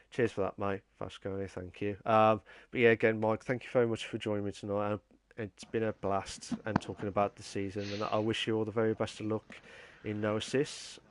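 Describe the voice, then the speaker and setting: A man's voice: lowish voice, dry recording. A man hosting a casual live-streamed podcast, rambling with many fillers and reading out viewer comments. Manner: rambling, lots of fillers and restarts. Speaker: podcast host.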